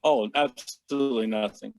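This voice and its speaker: A man's voice: on the low side, steady tone, moderate pace, creaky, a little mellow, dry recording. A middle-aged man talking frankly and casually as a podcast guest, laughing at himself and swearing now and then. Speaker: podcast guest, martial artist.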